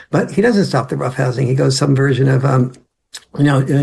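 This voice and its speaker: A man with a gravelly, husky voice rambles through a long answer, full of restarts and fillers. He often slips into the voices of family members as he tells his story. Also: mid-range voice, steady tone, normal speed, darkish tone. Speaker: author and guest. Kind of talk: interview answer.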